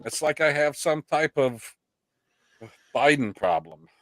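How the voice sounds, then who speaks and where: A man hosts a casual live stream, ranting in exasperation and cursing often. His fairly high voice swings widely up and down as he rants. The sound is dry and close to the mic. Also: sing-song, slow, fairly bright tone, no room sound. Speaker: podcast host.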